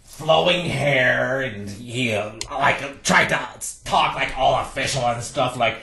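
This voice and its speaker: A player doing a squeaky gossipy little gatekeeper. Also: takes it slowly, sharp tone, reverberant. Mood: chatty. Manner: rambling, gossipy, full of "like". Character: small chatty gossipy gatekeeper. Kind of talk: tabletop role-play character voice.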